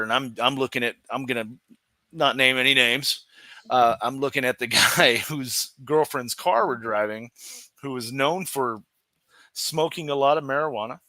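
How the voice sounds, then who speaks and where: A man, a professional wrestler guest on a podcast, telling a story in an animated way, laughing often and restarting his sentences. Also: medium pitch, normal speed, dry recording. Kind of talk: casual storytelling interview.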